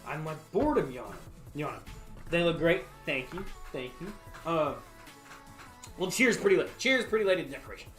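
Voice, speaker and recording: A man's voice: on the high side, big pitch swings, moderate pace, fairly bright tone, soft background music. Laid-back man rambling on a home stream. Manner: rambling, laid-back, folksy, frequent fillers. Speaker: livestream host. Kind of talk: casual chat to a live stream. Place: home bar room with sound foam on the walls.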